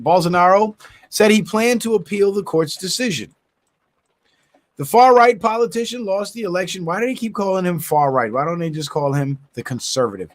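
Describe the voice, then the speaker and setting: Man reading news with indignant asides. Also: sits high. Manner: stumbles and restarts words while reading, adds indignant asides. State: yawning, tired. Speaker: channel host. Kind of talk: reading news aloud with commentary.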